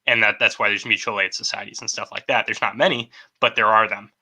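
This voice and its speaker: A man's voice: on the low side, fairly even intonation, quick pace, gravelly, pushed and bright. A man co-hosting a podcast in casual chat, rambling in a loose, informal way. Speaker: podcast co-host.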